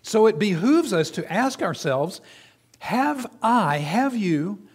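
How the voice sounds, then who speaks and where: A man's voice: high-pitched, very animated, takes it slowly, breathy edge. Conversational pastor preaching to his congregation. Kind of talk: sermon.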